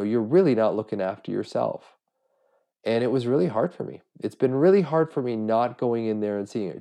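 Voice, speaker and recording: A man's voice: medium pitch, warm tone. A middle-aged man hosting a solo podcast, talking in an earnest, self-searching way with frequent restarts while he has a cold. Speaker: podcast host. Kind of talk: reflective solo podcast monologue.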